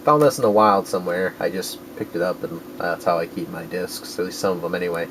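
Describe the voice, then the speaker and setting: A man's voice: deep voice, fairly quick, background noise. A man rambling casually in a vlog about his collecting finds, correcting himself often and dropping crude jokes. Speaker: video game collector vlogger.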